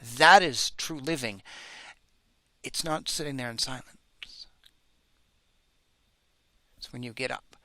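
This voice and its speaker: Candid, rambling man with a bright voice. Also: medium pitch, slow pace, pauses often, dry recording. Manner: candid, rambling, with frequent restarts and fillers. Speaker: host. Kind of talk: casual reaction commentary.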